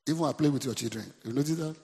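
A Nigerian man preaching a sermon in a reverberant church hall. His voice is heavily gravelly and sits at a middle pitch. He keeps calling out to the congregation and repeating his lines for effect. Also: very fast, dark tone. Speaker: pastor.

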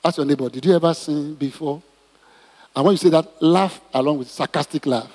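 A man's voice: a little high, fairly quick, darkish tone, long reverb tail. A middle-aged man preaching a sermon as pastor, emphatic and repetitive, with stammered restarts.

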